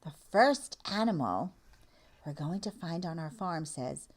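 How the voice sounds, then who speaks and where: A woman children's librarian leading a storytime for young children, talking and singing in an animated sing-song way, with gasps and animal sounds. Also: lowish voice, a little slow.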